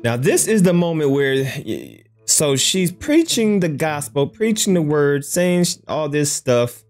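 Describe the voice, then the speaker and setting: A man in talks through a clip in a loose, joking reaction-video style. His pitch swings widely and he breaks into loud yelps and laughter. Faint music sits behind him. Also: sing-song, unhurried. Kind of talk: casual reaction commentary.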